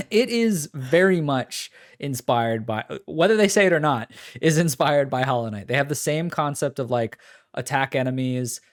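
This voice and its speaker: A man co-hosts a casual podcast, recapping game demos in a loose, rambling way. He uses lots of fillers and his voice sits at an ordinary middle pitch. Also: expressive, a little slow. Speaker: podcast co-host.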